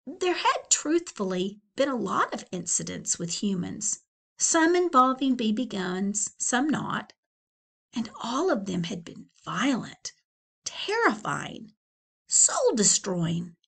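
A woman librarian reading a children's book aloud with expressive, unhurried storytelling. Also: on the high side, vocal fry. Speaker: school librarian.

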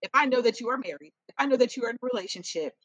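Bright blunt woman podcast host. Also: fairly high pitch, rapid-fire, dry recording, rough recording. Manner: animated storytelling, blunt, laughs often. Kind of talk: casual chat.

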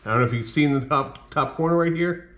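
A man's voice: on the high side, fast, a bit bright. A man vlogging about a comic book mystery box, talking in a frustrated, exasperated way with mild swearing. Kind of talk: casual unboxing vlog. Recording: echoey room, faint ambience.

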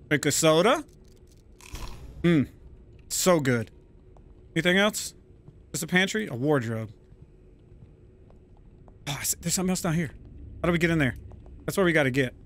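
A man giving casual, profane gameplay commentary, prone to loud excited outbursts. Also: a little high, unhurried, long pauses. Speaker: gaming YouTuber.

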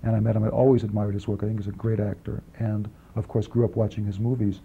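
A man being interviewed about his film work, talking quickly in long rambling answers with many restarts and asides, on an old archival tape. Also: on the low side, level tone, vocal fry. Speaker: film writer and director, interview guest. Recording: dull archival 1980s interview tape, faint hiss.

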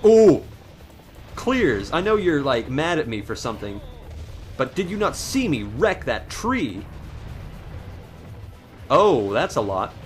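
A man giving profane, sarcastic, excitable commentary over his own gameplay. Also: mid-range voice, slow pace, long pauses, faint music behind. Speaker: gaming commentator. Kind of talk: let's play commentary.

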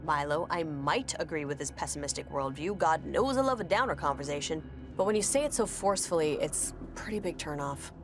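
A deadpan, sarcastic young woman. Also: low voice, fairly quick, over music. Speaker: game character.

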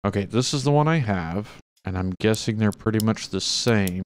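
A man's voice: fairly low pitch, animated, normal speed, a little hiss or hum. A man casually commenting on his own gameplay as he hunts, chatting to the animals on screen and using mild exclamations. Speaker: gaming channel host.

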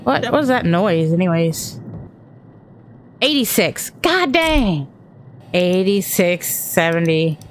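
In her horror game let's-play, a gaming streamer from Texas chats as she plays, thinking aloud and easily spooked. She speaks slowly with frequent pauses in a fairly low voice that swings widely in pitch, over a little hiss or hum.

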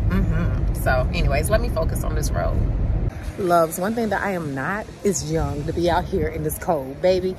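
Young woman, chatty vlogger; very lively pitch, noisy street and car background. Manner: chatty, animated, laughs often, talks to viewers as "y'all". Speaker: beauty vlogger. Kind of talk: casual vlog chat. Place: in a car, then outdoors at night in the cold.

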